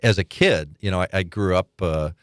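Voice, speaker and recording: Older male guest, deep voice, animated storyteller, dry close recording. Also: normal speed, no room sound. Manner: animated storyteller, laughs often, acts out quoted voices. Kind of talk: storytelling interview.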